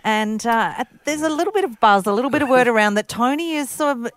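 A woman co-hosts a radio show with a lively, chatty manner and frequent laughter. Her voice sounds dry and close to the mic. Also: a little high, quick pace, dry recording. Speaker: radio co-host. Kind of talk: casual radio chat.

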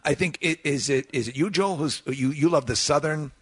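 A man's voice: a little high, normal speed, breathy edge. A man from the northeastern United States hosting a casual chat, rambling and often restarting his sentences. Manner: rambling, self-correcting. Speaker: host.

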